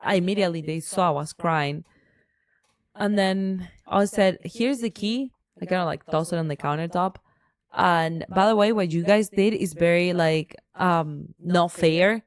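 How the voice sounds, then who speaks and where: A woman's voice: on the low side, unhurried. A woman co-hosting a casual podcast, telling a story with energy and acting out the dialogue. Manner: animated, acts out dialogue. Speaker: podcast co-host.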